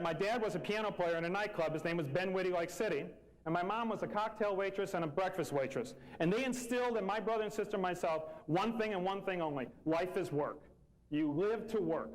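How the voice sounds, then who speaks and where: Earnest man in his forties, higher voice. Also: rough recording. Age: 40s. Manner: earnest, emphatic, repeats key phrases. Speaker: speaker telling a personal story to coworkers. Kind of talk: personal storytelling talk.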